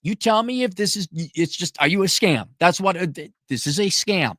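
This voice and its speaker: Sarcastic ranting man, lively pitch. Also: normal speed, dry recording, studio quality. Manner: sarcastic, exasperated, mocking. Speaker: commentary vlogger. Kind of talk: ranting commentary.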